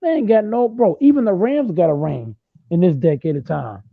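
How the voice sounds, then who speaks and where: A man in his late twenties arguing football in a heated casual chat, loud and repetitive, trash-talking. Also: high-pitched, normal speed, vocal fry, no room sound. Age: late 20s. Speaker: host. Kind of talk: heated casual sports argument. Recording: tinny phone-like sound.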